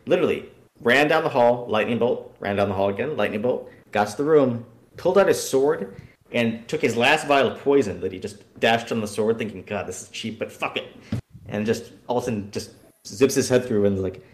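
A man chatting as a podcast guest, recounting tabletop game moments with lively acted-out bits. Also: mid-range voice, fairly quick, roomy sound. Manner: animated storyteller acting out scenes. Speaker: guest player. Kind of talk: casual podcast chat.

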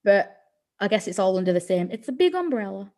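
A woman's voice: medium pitch, big pitch swings, fairly quick, a little mellow. A woman co-hosting a podcast, telling a story in casual, rambling chat, swearing freely and filling with "like". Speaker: podcast co-host.

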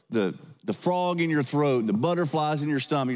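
A man's voice: on the high side, lively intonation, moderate pace, darkish tone. Conversational male pastor preaching in a reverberant hall. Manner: conversational preaching with frequent "right?" and questions to the congregation. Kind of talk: sermon. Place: church sanctuary. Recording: long church reverb.

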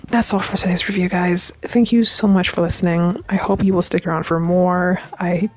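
A woman's voice: on the low side, fairly even intonation, moderate pace, darkish tone. A young woman hosting a review podcast, recapping a TV episode in a chatty, emotional way with frequent restarts and self-corrections. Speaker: podcast host reviewing a TV series.

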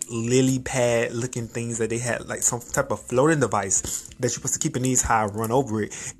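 Husky-voiced man giving animated motivational talk. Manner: expressive, animated swings in pitch with laughs; casual, encouraging, talks straight to listener. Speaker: podcast host. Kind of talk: motivational monologue.

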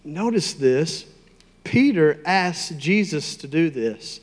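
Male pastor, sermon delivery, very slow and deliberate, slightly high voice. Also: expressive, big-room sound. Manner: slow, emphatic, playful asides to the congregation.

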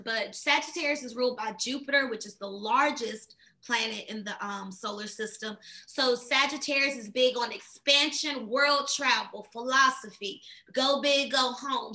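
Bright, high-voiced chatty woman. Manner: animated, chatty, lots of fillers. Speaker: astrology guest. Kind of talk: casual chat.

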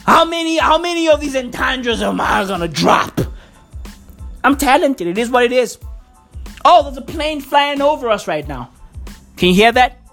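High, lively woman ranting. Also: moderate pace, long pauses, faint music behind. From South Africa. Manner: slangy, swearing, laughs loudly at own jokes. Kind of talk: profane ranting monologue. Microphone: microphone.

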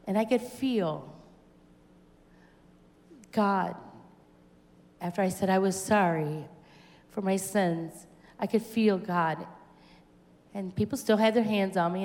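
A woman's voice: medium pitch, slow, long pauses, darkish tone. A woman giving a church testimony, telling her story with acted-out dialogue and rising to fervent exclamations. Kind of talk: personal testimony at a church service. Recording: echoey church hall with long reverb.

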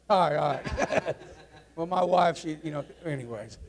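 Folksy preacher, male, high and gravelly, loose rambling delivery to his congregation. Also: animated, slow. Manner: folksy, rambling storyteller with restarts. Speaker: pastor. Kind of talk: joke-telling before a sermon. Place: church sanctuary.

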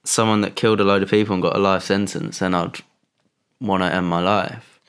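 A man's voice: sits low, level tone, a little fast, a bit bright, clear, resonant tone. A young man co-hosting a casual podcast, mostly giving short reactions and teasing remarks. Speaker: podcast co-host. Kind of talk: casual chat.

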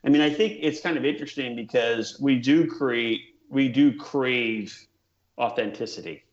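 A man's voice: mid-range voice, moderate pace, reverberant, muffled recording. A man co-hosting a podcast in casual chat, reflective and hesitant. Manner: reflective, hesitant, many fillers. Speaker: podcast co-host.

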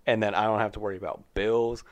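A man's voice: lowish voice, fairly even intonation, quick pace, muffled recording. A young man co-hosting a casual podcast, joking crudely and laughing often. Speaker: podcast co-host.

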